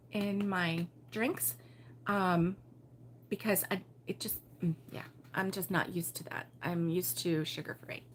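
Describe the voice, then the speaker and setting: A woman from Baltimore hosting a relaxed morning livestream, chatting and giggling as she reads viewer comments aloud. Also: medium pitch, slight background noise. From Baltimore, USA. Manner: chatty and giggly, with frequent fillers and laughs. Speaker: host of a crochet livestream. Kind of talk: casual morning chat reading viewer comments.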